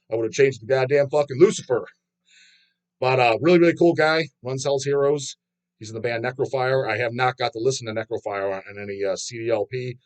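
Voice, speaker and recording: A man hosting a metal music channel in a casual rant, swearing constantly. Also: medium pitch. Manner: profane, ranting, swears constantly.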